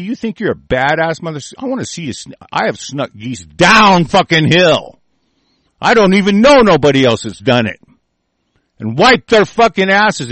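A man's voice: fairly high pitch, a bit bright, no room sound. A man hosting a talk radio show, delivering a furious, profane, threatening tirade. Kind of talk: angry on-air rant.

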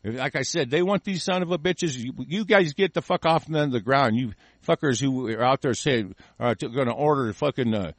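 A man's voice: medium pitch, moderate pace, hardly any pauses, dry recording. A man hosting a call-in show, delivering an angry, profane political rant in heated bursts.

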